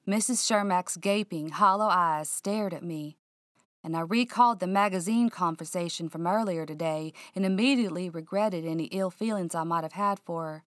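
A woman reads a first-person mystery aloud in a low, drawling voice. She keeps her telling hushed and suspenseful. The recording is dry and close. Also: normal speed, dry recording. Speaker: narrator. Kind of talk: first-person audiobook narration.

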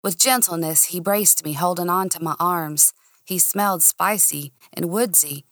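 A woman's voice: lowish voice, measured pace, no echo, clean studio sound. Woman reading an audiobook cozily. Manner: cozy, expressive first-person reading. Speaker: storyteller. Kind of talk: audiobook narration.

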